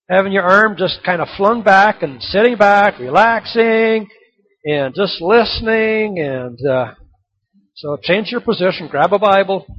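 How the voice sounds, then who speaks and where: A man preaching a sermon, telling a story and then calling loudly on the congregation to open their Bibles. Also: high voice, lo-fi sound. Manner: storytelling, building to loud exhortation. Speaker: pastor.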